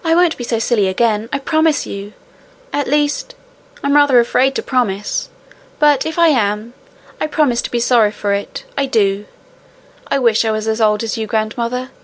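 Lady reading a little princess girl, eager and sweet, talks fast. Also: on the high side, close to an everyday voice. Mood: earnest. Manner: eager, affectionate, quick and earnest.

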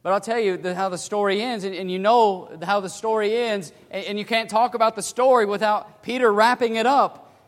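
High-voiced man preaching in an echoing hall. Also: steady tone, a little fast. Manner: swings from hushed to loud emphatic cries. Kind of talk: sermon. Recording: reverberant hall.

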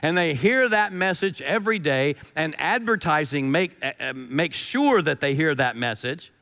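A man's voice: fairly high pitch, expressive, moderate pace, sharp tone, in a large hall. A middle-aged man preaching a sermon, folksy and emphatic, repeating his key phrases. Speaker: pastor.

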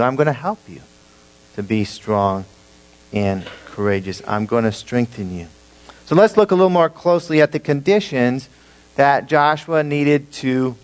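A male pastor preaching an emphatic sermon to his congregation, swinging between loud declarations and hushed, slow emphasis. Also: mid-range voice, poor audio.

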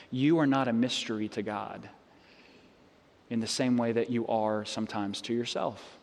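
A pastor preaches a sermon in a mid-range, steady voice at a fairly quick clip, earnest and conversational. He asks rhetorical questions and often restarts his sentences, and long reverb from the hall trails his words.

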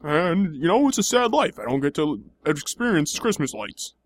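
Teasing young man, slightly high voice. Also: very animated, normal speed. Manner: teasing, playfully mocking. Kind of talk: improvised comedy banter.

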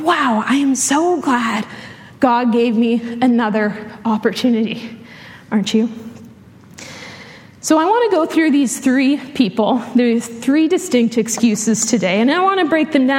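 A young adult woman preaching a sermon in a church, telling a personal story with laughs along the way. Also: a little high. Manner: animated storytelling with frequent laughs. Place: church hall. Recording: long hall reverb.

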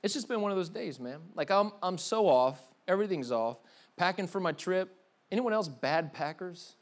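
A man's voice: high voice, expressive, moderate pace. A young man giving a candid, rambling sermon in a church, talking loosely and often saying "man" and "like". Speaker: pastor. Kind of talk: casual confessional sermon. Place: church hall with live audience.

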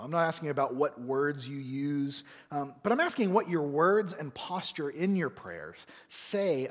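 Man preaching, husky voice, lively rising and falling pitch, long church-hall reverb. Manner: earnest, animated preaching with acted asides. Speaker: pastor. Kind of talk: sermon.

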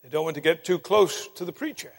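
A man preaching a sermon, telling stories with dramatic emphasis and long pauses. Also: fairly high pitch, creaky. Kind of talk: sermon with storytelling. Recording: long hall reverb.

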